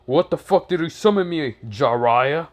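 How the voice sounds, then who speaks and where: A huge male toad summon, gruff and foul-mouthed, as a man puts him on, barking curses in a voice pushed well above his own. He sounds loud and exasperated, like he never wanted to be called up at all. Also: fairly high pitch, animated, moderate pace, voice pushed up, lightly acted. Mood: irritated.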